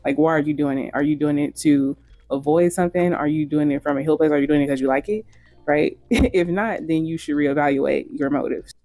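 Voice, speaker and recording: A woman's voice: sits low, a little fast, mellow, no room sound. A woman hosting opinionated commentary, speaking bluntly and frankly with casual profanity. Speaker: host.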